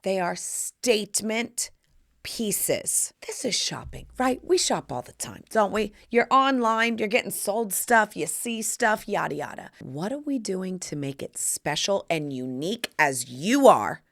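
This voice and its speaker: A woman's voice: mid-range voice, unhurried, vocal fry, hardly any pauses. A middle-aged woman hosting a podcast, telling stories in brassy, playful casual chat. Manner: animated, brassy storytelling with playful asides. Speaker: podcast host.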